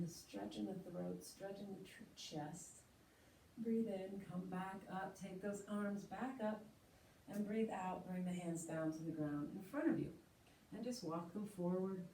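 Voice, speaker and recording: A woman teaching yoga, slowly and gently cueing breath and movement. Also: on the low side. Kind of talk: guided yoga instruction. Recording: roomy echo, voice from a distance, faint hiss.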